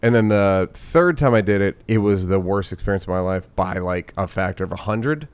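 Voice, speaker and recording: A comedian guest in a loose podcast chat, a man with a fairly low voice. He talks in a dry, deadpan way, wandering through his thoughts and slipping in jokes with a straight face. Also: a little fast, clear, resonant tone.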